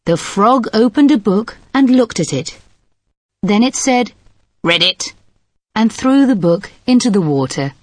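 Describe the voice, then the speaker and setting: A woman tells a short story slowly and calmly. Her voice moves through a lively range of pitch. The sound is dry, recorded close. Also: no room sound. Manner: calm storybook telling. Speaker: narrator. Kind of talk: scripted story narration.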